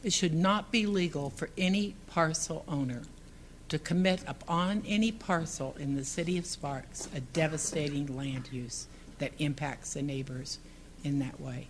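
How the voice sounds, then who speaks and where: A woman making an earnest, halting public comment at a city council meeting, speaking into a podium microphone. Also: deep voice, a little hiss or hum. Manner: earnest, halting, rambling with restarts. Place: council chamber.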